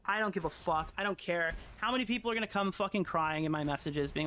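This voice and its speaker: A woman's voice: mid-range voice, quick pace, hardly any pauses, a bit bright. A woman streamer ranting in casual commentary, exasperated and swearing often.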